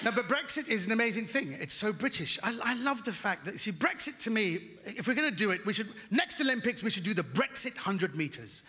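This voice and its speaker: A man in his fifties from Britain doing animated stand-up comedy in a large theatre, breaking into shouts and sung lines. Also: sits high, fairly quick, hardly any pauses. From United Kingdom. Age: 50s. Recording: theatre hall, audience noise. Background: crowd laughter.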